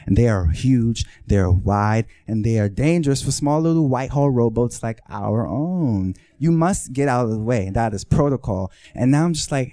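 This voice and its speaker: A man tells a story live on stage, lively and theatrical, acting out every exchange. His voice is warm and mellow, and the sound is dry and close. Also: medium pitch, moderate pace, few pauses, smooth, no room sound. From the Bronx, New York. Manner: animated, acts out dialogue, repeats phrases for rhythm. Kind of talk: live first-person storytelling.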